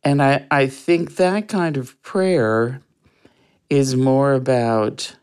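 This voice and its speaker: An interview guest recounts a personal story in an earnest, reflective way. The telling is slow and unhurried, with soft laughs along the way, at a middle pitch. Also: clear, resonant tone.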